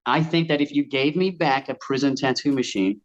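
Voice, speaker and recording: A man's voice: mid-range voice, brisk, lo-fi sound. A man from Kansas, a tattoo artist, telling stories in a candid, profane, casual way on a podcast. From Kansas, USA. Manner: candid, profane, vivid storyteller. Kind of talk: casual storytelling chat.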